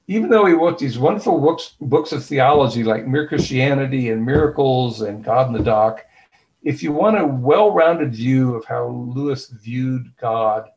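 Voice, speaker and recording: A man being interviewed as an author talks in a considered, explanatory way. He pauses often with fillers and restarts his sentences. He retells scenes by quoting the dialogue. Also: mid-range voice, darkish tone, poor audio. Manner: thoughtful, with many fillers and restarts. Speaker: author and guest.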